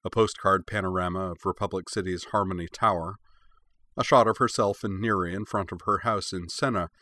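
A man narrating a story aloud in a steady, even way. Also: deep voice. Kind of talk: reading fan fiction aloud.

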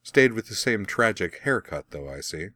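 A man's voice: on the low side, big pitch swings, moderate pace, pushed and bright, dry recording. Brief: a man doing a haughty, wry young princess for an audiobook, cool and dismissive, a lifted voice over a dry, close read.

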